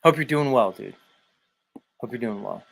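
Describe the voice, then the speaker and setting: A man's voice: medium pitch, expressive, normal speed, creaky, husky. A man in his forties hosting a live stream, loosely bantering with viewers, greeting them by name and swearing now and then. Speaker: livestream host. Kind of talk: casual chat reading viewer comments.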